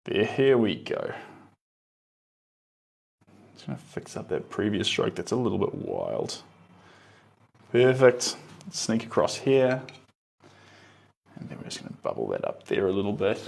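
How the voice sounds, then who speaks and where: A man's voice: medium pitch, vocal fry, husky. A man streaming himself painting live, murmuring his brush moves to himself and answering chat in an easygoing, musing way.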